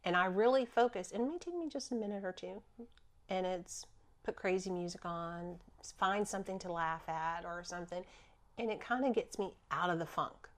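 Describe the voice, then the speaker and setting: A woman guest speaking about healing in a casual chat, animated and earnest, often breaking into laughter. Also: lowish voice, normal speed. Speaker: guest, spiritual healer.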